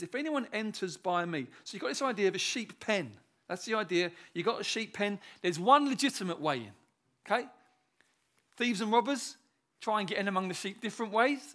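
Male pastor, high-pitched, conversational sermon delivery with emphatic repetition. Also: a bit bright.

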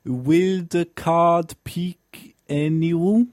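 A man's voice: on the high side, fairly even intonation, very slow, a little mellow, no room sound, clean studio sound. A man chatting as a comedy podcast co-host, hesitant and stammering. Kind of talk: casual comedy chat.

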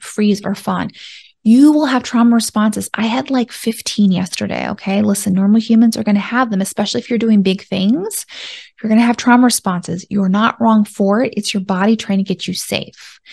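A woman relationship coach hosts her own podcast, talking straight to listeners with plenty of life. Her mid-pitched voice carries a gravelly, fry-tinged edge. She keeps it chatty and animated, slipping into little acted-out lines as she talks. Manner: animated, acts out quoted lines with laughs. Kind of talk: solo podcast commentary.

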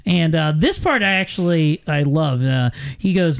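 A man's voice: fairly high pitch, measured pace, vocal fry. A man casually recapping a film on a podcast, rambling and joking with lots of profanity. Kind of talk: casual chat.

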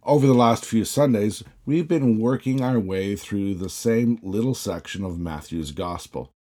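Male pastor, lowish voice, sermon delivery with a storytelling turn. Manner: reads scripture slowly, then tells a story in a lively way.

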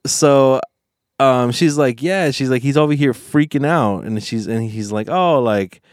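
A man's voice: medium pitch, a little slow, no echo. Young man, casual podcast host, rambling storyteller, dry close sound. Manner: rambling, heavy filler and swearing, animated retelling.

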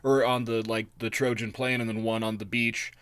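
A man's voice: medium pitch, level tone, moderate pace, fairly bright tone, smooth. A man co-hosting a podcast, casually retelling an epic with jokes, swearing and lots of fillers. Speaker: podcast co-host. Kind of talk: casual chat.

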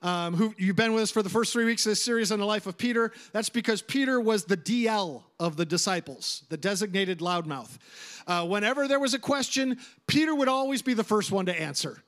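A middle-aged male pastor preaching in a notably high voice. He leans hard on repeated phrases for emphasis and drops in casual asides to the congregation. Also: a little fast, a bit bright. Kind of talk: sermon.

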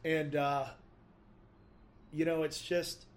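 Animated man telling a personal testimony. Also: on the high side, slow pace. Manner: animated, acts out his own inner dialogue, casual slang. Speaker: storyteller giving a personal testimony. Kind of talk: casual spoken testimony.

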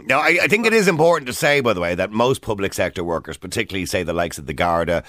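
Fast-talking Irish radio host. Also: male voice, low-pitched, expressive, a bit bright, no echo, clean studio sound. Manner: chatty, quick, laughs easily. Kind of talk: casual phone-in chat. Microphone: studio microphone.

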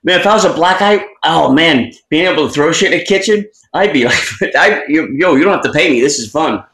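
A man chatting casually, joking loudly and crudely, often laughing at his own ideas. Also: on the high side, lively intonation, brisk, echoey room, slight background noise. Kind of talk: casual chat.

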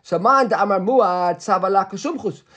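A man's voice: sits high, normal speed, fairly bright tone. A man teaching a Talmud class, explaining step by step and often checking with "right?", mixing English with Hebrew and Aramaic terms.

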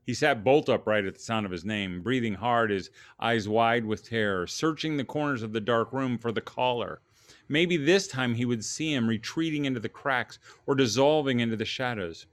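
A man hosting a podcast, chatting in a relaxed, hesitant way and then reading a story aloud to families. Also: medium pitch, moderate pace, no echo. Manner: relaxed, hesitant, with many fillers. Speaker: podcast host.

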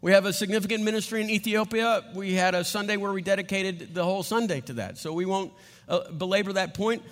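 A man pastor telling stories in a sermon, animated and conversational, laughing between lines. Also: high-pitched, fast talker, in a large hall. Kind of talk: sermon storytelling.

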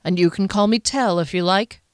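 A kind, courteous young dispatch rider in a storybook, speaking with gentle sympathy, as a woman narrator reads him. The sound is dry and close, in a mid-range voice. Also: medium pitch, normal speed, clean tone, dry recording, lightly acted.

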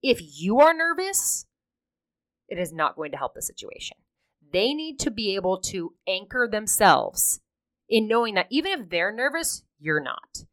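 A woman in her thirties, an online business coach, teaching in an animated, emphatic way and often checking in with "okay?". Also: medium pitch. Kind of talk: teaching talk to camera.

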